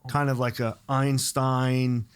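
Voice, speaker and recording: A man hosts a casual podcast interview. He asks his questions in a halting way, stopping and restarting as he goes. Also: mid-range voice, little pitch movement, clear, resonant tone. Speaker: podcast host.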